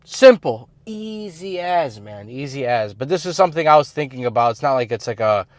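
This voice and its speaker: A man with an animated, mid-range voice coaches other men at a normal speed in a casual advice monologue. As a men's self-improvement coach, he is blunt and uses lots of slang and fillers such as "like" and "you know." The recording is dry.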